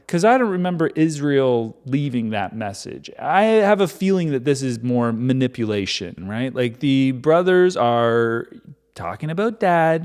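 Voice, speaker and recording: A man's voice: mid-range voice, sing-song, normal speed, darkish tone. A man reading scripture aloud and adding irreverent, sarcastic commentary.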